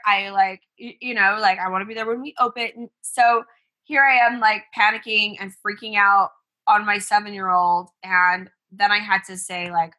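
Bright-voiced chatty woman in her thirties. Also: medium pitch, normal speed. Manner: chatty, animated storytelling with many fillers. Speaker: podcast co-host, business owner. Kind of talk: casual chat.

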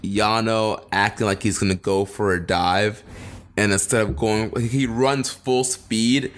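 A man co-hosting a casual wrestling podcast, relaxed, laughing along and steering the talk back to the topic. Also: on the low side, a little slow. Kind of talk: casual chat.

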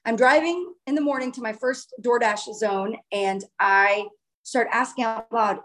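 A woman speaks with a slightly higher than usual pitch, telling a personal story straight to her audience. She rambles earnestly and often breaks off to restart a sentence. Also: unhurried, a bit bright, poor audio.

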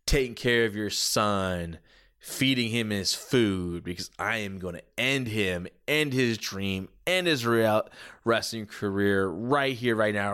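A man's voice: on the low side, a bit bright, clear, resonant tone. A man doing a sneering, boastful wrestling villain. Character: arrogant male wrestling villain taunting a mother.

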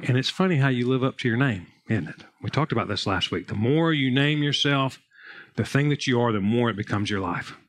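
A man's voice: mid-range voice, a little fast. A man preaching a sermon, telling Bible stories and family anecdotes in a casual, conversational way. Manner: conversational, animated storytelling with raised voice in anecdotes. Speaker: pastor.

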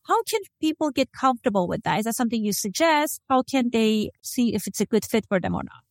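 Higher-voiced woman host, loose and chatty. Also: big pitch swings, fairly quick, gravelly, no echo, clean studio sound. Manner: conversational, loose and searching, with small restarts. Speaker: podcast host. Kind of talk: podcast interview questions.

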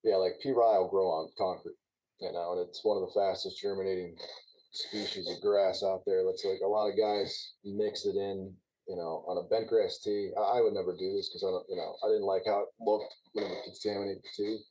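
Deep, husky man explaining turf care. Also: fairly quick, rough recording. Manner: explains turf technicalities in a relaxed, knowing way. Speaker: guest, former golf course superintendent. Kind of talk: casual podcast chat.

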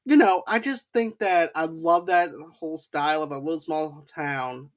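A man's voice: a little high, normal speed. A man co-hosting a podcast, rambling through a movie's scenes and acting out lines of dialogue. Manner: rambling, acts out quotes from scenes. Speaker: podcast co-host. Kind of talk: casual movie discussion.

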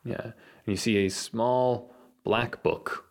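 A man narrating as game master of a tabletop game, halting and full of fillers. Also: on the low side, steady tone.

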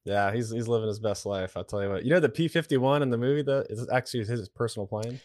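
A man's voice: medium pitch, fast, darkish tone, dry recording. A man in his forties, a retired military aviator, talking as a guest on a podcast in a wry, blunt, explanatory way. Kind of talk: casual podcast conversation.

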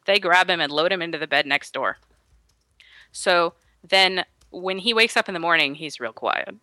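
A woman telling an anecdote on a podcast, animated as she acts out the quotes. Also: on the low side, moderate pace, dry recording. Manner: animated storytelling, acting out quotes. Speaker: podcast guest storyteller.

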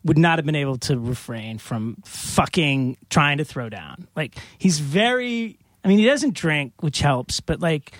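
Excitable high-voiced man, laughing often. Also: unhurried, hardly any pauses, no room sound. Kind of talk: casual chat.

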